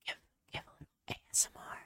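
A man's voice: racing, pushed and bright, dry recording. Young man doing a mock ASMR whisper. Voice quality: unvoiced whisper close to the mic. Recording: whispering close to the microphone.

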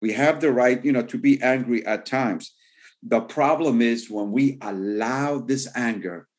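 A man of ordinary pitch preaches through a Bible passage in a relaxed, conversational manner. He leans on "you know" between thoughts and slows down deliberately whenever he reads scripture aloud. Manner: conversational, heavy use of "you know" fillers. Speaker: pastor. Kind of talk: sermon Bible teaching.

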